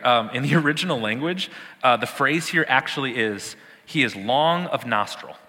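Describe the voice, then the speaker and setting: A man's voice: medium pitch, expressive, normal speed, pushed and bright, in a large hall. A man teaching a sermon, explaining words with emphatic repetition and the odd laugh. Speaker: preacher.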